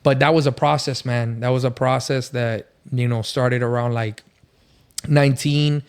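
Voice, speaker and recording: A man's voice: mid-range voice, fairly even intonation, normal speed, clean tone. A man speaking as a podcast guest, telling his faith story in a loose, rambling way, full of fillers. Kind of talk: casual testimony storytelling.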